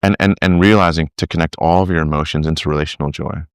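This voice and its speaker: A middle-aged man telling stories on a podcast about discipleship. He talks in an animated way, acts out what people say, and often restarts his sentences. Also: extremely low pitch, fast, smooth, dry recording, studio quality. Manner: animated storyteller, acts out quotes, many restarts. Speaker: discipleship teacher, guest. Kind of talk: conversational podcast interview.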